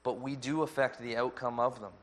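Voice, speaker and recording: A man preaching a sermon as pastor, measured and earnest. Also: medium pitch, steady tone, a bit bright.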